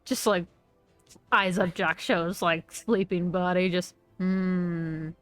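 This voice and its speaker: A woman's voice: lowish voice, steady tone, takes it slowly, a bit bright, dry recording, soft background music. A woman chatting as a player in a tabletop role-playing game, giggly and talkative. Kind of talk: casual tabletop play.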